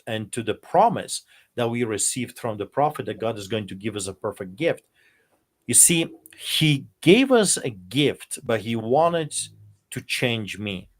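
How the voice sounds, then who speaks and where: Man telling an emotional personal testimony. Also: mid-range voice. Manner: emotional storytelling, speaking to his son. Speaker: pastor.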